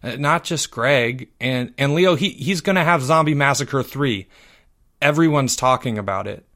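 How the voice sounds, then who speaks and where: A man's voice: medium pitch, normal speed, fairly bright tone, lightly acted. A man voicing a nervous fifth-grade boy who stammers and hesitates.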